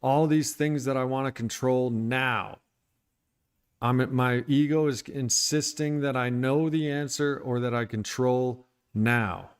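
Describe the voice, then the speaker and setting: Smooth-voiced man venting on a stream. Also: medium pitch, fairly even intonation, takes it slowly. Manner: blunt, profane, venting. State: irritated. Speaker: recovery streamer. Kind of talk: candid livestream monologue.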